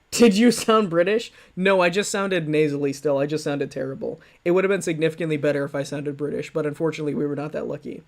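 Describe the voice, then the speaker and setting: Rambling, self-mocking male streamer, fairly high voice. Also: steady tone, brisk. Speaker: streamer reacting to his old videos. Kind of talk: livestream commentary.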